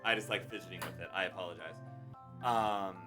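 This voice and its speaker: A man's voice: sits low, brisk, over music. A man hosting a casual livestream chat, rambling and giggly and often correcting himself. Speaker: streamer host.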